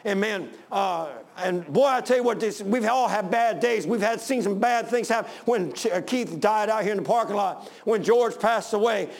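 A middle-aged male pastor preaching a sermon to his congregation, impassioned and repetitive, building up to shouting. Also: sits high, moderate pace, gravelly, hardly any pauses. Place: church sanctuary with congregation.

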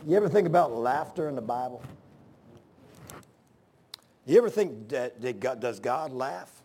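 An older man pastor giving an informal sermon, telling folksy stories with loud exclamations and chuckles. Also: mid-range voice, lively intonation, normal speed, breathy edge.

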